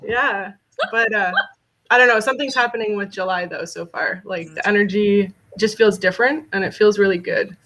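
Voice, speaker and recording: A woman's voice: medium pitch, moderate pace, fairly bright tone. A woman musing talkatively in a casual group chat.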